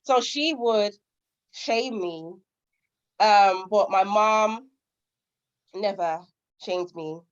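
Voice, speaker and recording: A woman's voice: medium pitch, extremely slow, long pauses, muffled recording. A woman guest telling candid stories from her life, acting out what relatives said. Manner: candid, storytelling, acts out relatives' lines. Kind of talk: casual interview chat.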